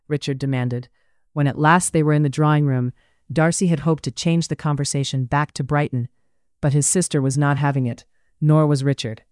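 A narrator reading a period romance story aloud in a steady, measured way. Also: mid-range voice, no room sound, studio quality.

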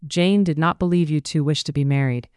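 A distraught young gentleman, dazed and slurring after a fall, prattling between sobs, as an audiobook narrator reads him. The voice is smooth and close, with a dry studio sound. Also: mid-range voice, a little fast, no room sound, close to an everyday voice. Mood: rambling. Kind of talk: audiobook character reading.

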